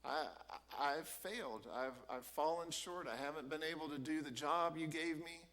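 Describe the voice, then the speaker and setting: A man's voice: on the high side, fairly bright tone, lightly acted. A man voicing a despairing, worn-out male prophet who stammers through his complaint, inside a sermon. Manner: halting, stammering self-pity.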